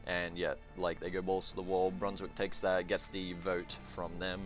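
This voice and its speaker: A man's voice: deep voice, completely flat delivery, normal speed, soft background music. A man casually reviewing a strategy game, rambling and swearing as he thinks aloud with many fillers. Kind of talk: casual gameplay commentary.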